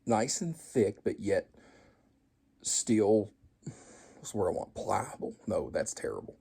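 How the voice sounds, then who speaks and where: Brief: male cooking vlogger, folksy and self-deprecating, husky voice with a lively, swooping delivery. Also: on the low side, slow pace. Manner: folksy, self-deprecating, joking asides to viewers. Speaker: home cooking show host. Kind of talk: casual cooking vlog, tasting and chatting.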